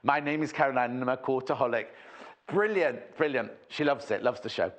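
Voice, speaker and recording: A man's voice: medium pitch, a little fast. A man presenting a TV shopping show in a chatty, rambling, jokey way, full of asides. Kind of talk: chatty live sales presentation.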